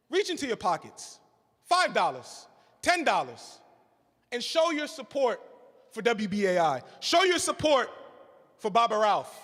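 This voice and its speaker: High, bright-voiced man rallying a crowd. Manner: rousing, call-and-response with audience. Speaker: radio co-host, fundraiser speaker. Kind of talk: public speech and storytelling. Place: church hall, live event. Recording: reverberant church hall.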